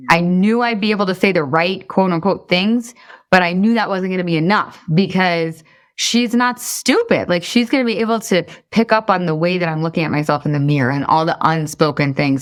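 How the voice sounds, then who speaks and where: A mother talking as a podcast guest in a candid, confessional way, swearing casually. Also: lowish voice.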